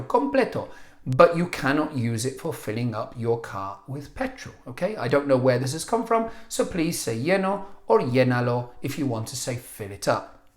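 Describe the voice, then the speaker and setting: A man teaching a language lesson on video, animated, jokey and a bit exasperated. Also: medium pitch. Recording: echoey room.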